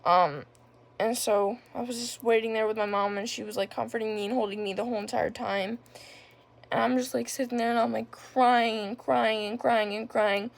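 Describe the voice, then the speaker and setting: Young woman with vocal fry. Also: fairly high pitch, fairly even intonation, moderate pace. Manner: rambling, many filler words. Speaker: vlogger. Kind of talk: casual personal storytelling.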